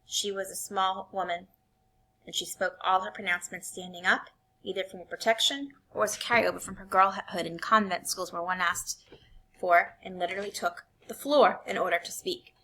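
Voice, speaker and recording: A woman reading a novel aloud in an expressive way, shifting between quiet and intense passages. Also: medium pitch, moderate pace. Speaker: reader.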